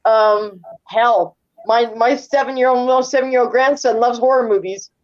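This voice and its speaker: A woman's voice: fairly high pitch, normal speed. Rambling middle-aged woman on lo-fi audio. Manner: rambling, repeats words, animated retelling. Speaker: interview guest. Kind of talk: casual storytelling.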